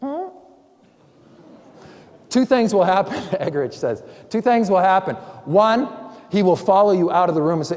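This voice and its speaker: A man's voice: high voice, lively intonation, moderate pace, long pauses, darkish tone. A man preaching a sermon as pastor, in a conversational way, acting out quotes. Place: church sanctuary. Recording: long church hall reverb.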